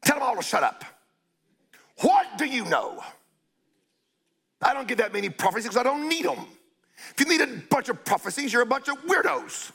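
Older man, sermon, blunt and scolding, gravelly, swooping pitch, drawn-out shouted phrases. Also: very animated. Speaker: preacher.

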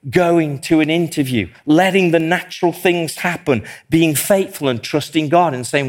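A man's voice: a little high, moderate pace, hardly any pauses. A man preaching a sermon, telling a personal story in an earnest, self-deprecating way. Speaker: pastor.

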